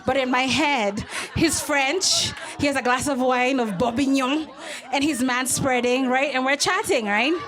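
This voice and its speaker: A woman comedian, telling a stand-up story on a club stage with animated put-on voices. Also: high-pitched, measured pace.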